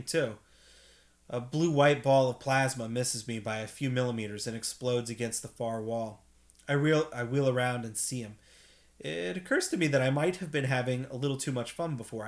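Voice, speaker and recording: A man reading a novel aloud at bedtime in a steady first-person narration, with an occasional slip. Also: medium pitch. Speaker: reader, host.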